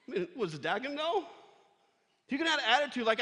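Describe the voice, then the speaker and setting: A man preaching a lively sermon to students, telling a story and acting out its voices. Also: very high voice, fast talker, long pauses, long reverb tail. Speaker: pastor. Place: church hall.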